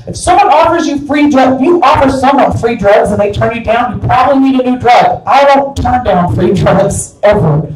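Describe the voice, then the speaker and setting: A woman's voice: a little high, lively intonation, normal speed, a little mellow, soft background music. A woman stand-up comedian telling a crude, rambling story live on stage in a club. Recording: echoey club from far off.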